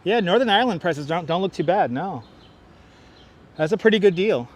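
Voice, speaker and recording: A man's voice: high-pitched, lively intonation, moderate pace. A man with a Brooklyn accent giving a chatty walking tour on a livestream outdoors in a city park, talking to viewers on a clip-on mic. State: out of breath from walking uphill. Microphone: wireless clip-on mic.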